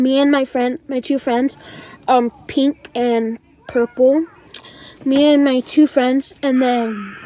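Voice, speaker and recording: A woman's voice: high-pitched, darkish tone. A teenage girl vlogger casually telling a dramatic story, full of "I'm like" asides. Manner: chatty, dramatic retelling with many "I'm like" asides.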